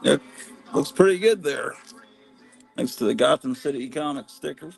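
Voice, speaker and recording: A man's voice: fairly high pitch, lively intonation, normal speed, creaky, soft background music, poor audio. A man hosting a live stream from home, chatting in a rambling, self-deprecating way among his comic books. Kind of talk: casual live-stream chat. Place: home room stacked with comics.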